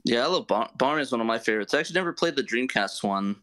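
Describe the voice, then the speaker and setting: A man's voice: mid-range voice, lively intonation, racing, a bit bright, no room sound. A man from New Jersey on a gaming livestream, teasing and trash-talking the others. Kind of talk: casual gaming chat.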